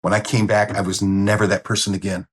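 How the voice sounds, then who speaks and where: Husky, low-voiced man telling it plainly. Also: flat delivery, fairly quick. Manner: emotional, blunt and plainspoken. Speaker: guest sharing a near-death experience. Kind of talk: candid personal storytelling.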